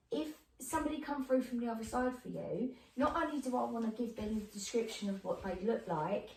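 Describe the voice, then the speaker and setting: A woman clairvoyant medium chatting as a guest, telling stories in an animated, earthy way. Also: on the high side, fairly quick, gravelly, few pauses. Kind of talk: casual chat. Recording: roomy, distant mic with faint noise.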